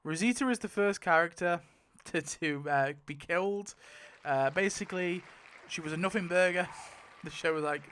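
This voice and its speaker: Excitable man thinking out loud. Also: sits high, a little fast, slight background noise. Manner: excitable, thinks aloud, swings to loud outbursts. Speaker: YouTuber. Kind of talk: casual commentary while spinning a wheel.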